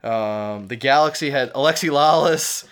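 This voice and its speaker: A man with a Boston accent co-hosts a soccer talk show and coaches youth soccer, chatting casually about sports with lots of fillers and restarts. His mid-range voice is fairly bright and clean at a moderate pace.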